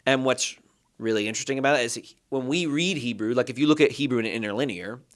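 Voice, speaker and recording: A man with a medium-pitched voice speaks at a quick pace as a podcast guest who teaches Hebrew. In this explanatory interview, he is thoughtful and careful, building his points step by step in an easy, conversational way.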